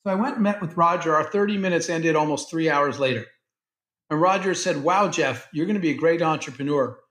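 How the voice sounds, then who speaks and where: A man's voice: on the high side, a little fast, fairly bright tone. A man, a guest entrepreneur in a podcast interview, telling stories and acting out the dialogue he quotes. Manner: anecdotal, acts out quoted dialogue. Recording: roomy, echoey sound.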